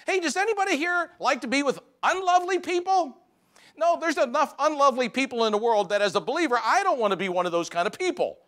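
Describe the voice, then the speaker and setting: A male pastor delivers a Sunday sermon in a church sanctuary, talking to the congregation in a conversational way. His voice sits high for a man and swings widely, climbing for emphasis and then sinking low and quiet. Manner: conversational preaching, rising for emphasis and dropping low.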